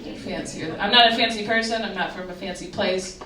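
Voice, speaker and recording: A woman's voice: medium pitch, a little fast, a little hiss or hum. A woman performing a stand-up set, telling wry stories and landing punchlines in a comedy club. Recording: roomy live venue, mic picked up from a distance, loud laughter. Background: audience laughter.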